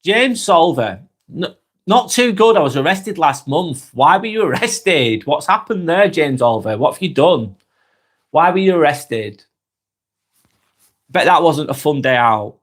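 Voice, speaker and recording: A man in his forties with a Northwest English accent, getting over a cold, reading out viewers' comments and chatting back in a relaxed, friendly way. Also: a little high, measured pace. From Northwest England. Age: 40s. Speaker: live stream host reading comments. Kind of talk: casual live chat.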